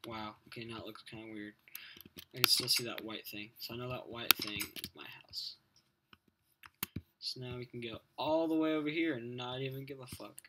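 A man giving casual, crude, profanity-laden commentary while playing a video game at his computer. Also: mid-range voice. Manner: crude, profane, rambling self-talk. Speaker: let's play host. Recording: loud background noise with keyboard clicks.

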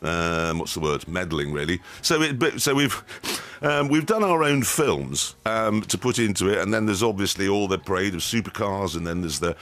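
A man's voice: deep voice, expressive, normal speed, hardly any pauses, a bit bright. A man in his fifties from Yorkshire, chatting as a radio guest in a jokey, rambling, self-deprecating way. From Yorkshire, England. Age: 50s. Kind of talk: casual radio chat.

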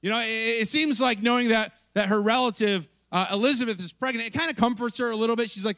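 High, bright-voiced chatty male pastor. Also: quick pace, few pauses, no echo. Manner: chatty, lots of "like" and "right?", acts out quotes with laughs. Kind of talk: casual conversational sermon.

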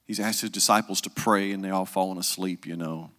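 A male pastor, preaching a conversational sermon and dropping to a hush for the solemn parts. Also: deep voice, fairly even intonation, fairly quick, long reverb tail. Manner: conversational preaching, acts out quoted voices, drops to hushed tones.

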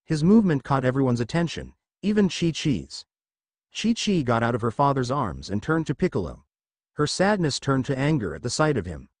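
A man narrating a fan story in an animated reading style. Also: mid-range voice, moderate pace, no room sound.

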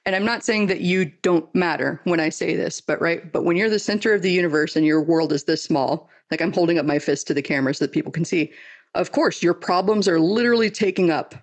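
A woman's voice: fairly low pitch, fast talker. A woman hosting a podcast interview, speaking in an emphatic, fired-up motivational way. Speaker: podcast host. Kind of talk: casual interview chat.

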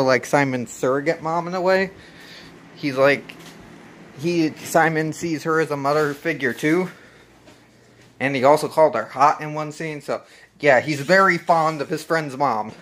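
A man's voice: a little high, normal speed, a bit bright. A man hosting a casual, profane movie recap, laid-back and laughing often. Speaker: host.

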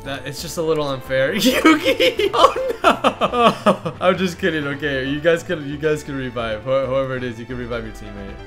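A young man hosting a game show event, talking over gameplay with bursts of shouting and laughter. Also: medium pitch, fast, few pauses, soft background music. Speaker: gaming YouTuber hosting a fashion show. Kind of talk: excited gameplay commentary.

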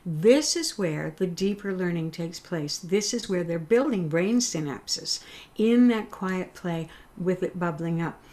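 A woman's voice: on the low side, lively intonation, a little slow, darkish tone. A woman teaching a young children's music class, playful, singing with a banjo and making animal sounds.

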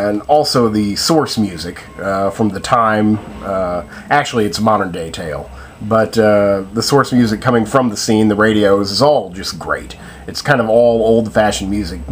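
A man's voice: lowish voice, slight background noise. A man giving a casual spoken film review, hesitant and full of fillers and restarts.

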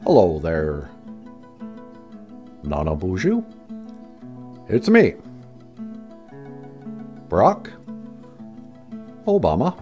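A man doing an impression of a former male president, speaking slowly and deliberately with pauses between words. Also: sits low, wildly swooping pitch, a little mellow, faint music behind, voice pushed down, full character voice. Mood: solemn.

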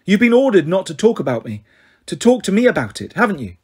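Guy reading as wise kindly centaur teacher, measured n firm, kinda husky. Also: high voice, sing-song, pitched above the performer's own voice, full character voice. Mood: grave, gentle. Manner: measured, firm, gently insistent. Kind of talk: audiobook character reading.

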